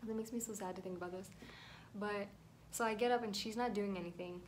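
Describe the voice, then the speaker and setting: A woman's voice: medium pitch, steady tone, a little fast, a little hiss or hum. A young woman telling a rambling, emotional storytime vlog at home, at times close to tears. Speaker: vlogger.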